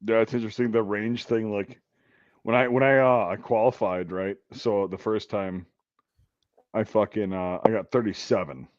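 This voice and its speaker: A man casually telling army stories with lots of swearing, acting out a drill sergeant's shouts. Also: on the low side, steady tone, normal speed, no echo, dull audio. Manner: profane storytelling, acts out drill sergeant shouts. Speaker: podcast host. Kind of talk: casual chat.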